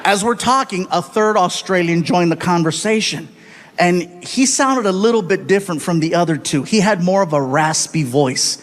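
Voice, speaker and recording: A man performing stand-up comedy, telling stories in an animated way and acting out the people in them. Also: sits high, normal speed, some chatter behind. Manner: animated, acts out voices and shouts. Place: comedy stage before a live audience.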